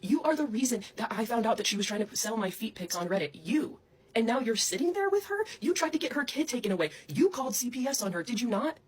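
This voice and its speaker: A woman's voice: on the high side, big pitch swings, fast, breathy edge. A young adult woman delivering an angry, profane, accusatory rant straight to camera. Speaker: online personality.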